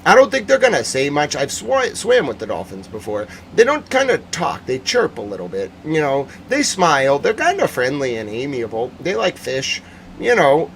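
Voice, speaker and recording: A man's voice: a little high, vocal fry, slight background noise. A man hosting a live news stream, reading chat and riffing jokingly with mock-serious rants. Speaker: livestream news host answering chat. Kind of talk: casual livestream chat.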